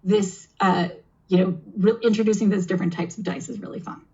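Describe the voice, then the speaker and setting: A woman's voice: mid-range voice, fairly even intonation, brisk, darkish tone, dull audio. A woman on a video call, explaining and running a kids' tabletop game demo in an encouraging, teacherly, chatty way. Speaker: game master and presenter.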